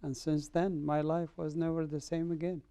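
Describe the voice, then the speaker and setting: A man's voice: fairly high pitch, moderate pace, dry recording. Man telling his testimony with animation. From Middle East. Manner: animated storyteller, acts out dialogue. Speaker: interview guest. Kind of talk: personal testimony in an interview.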